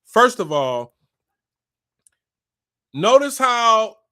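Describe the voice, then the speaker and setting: High-voiced dude riffing on a bible story, slangy and cussing, bright and dry. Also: male voice, extremely slow, smooth, no room sound. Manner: animated, profane, slangy, acts out quotes. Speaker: spiritual commentator. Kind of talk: casual storytelling monologue.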